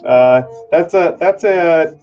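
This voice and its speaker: A man's voice: a little high, slow, dark tone, highs cut off. A man hosting a live stream from his home workshop, casually talking through his work, thinking aloud and joking about himself. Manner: chatty, self-deprecating, thinking aloud while working.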